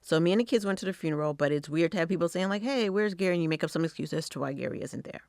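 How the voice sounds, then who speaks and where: A middle-aged woman hosts her podcast and tells a personal story in a blunt, profane, conversational way. Her voice sits on the low side and is recorded close and dry, with no room sound. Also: creaky, darkish tone, no echo. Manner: frank and profane, with quick asides. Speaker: podcast host.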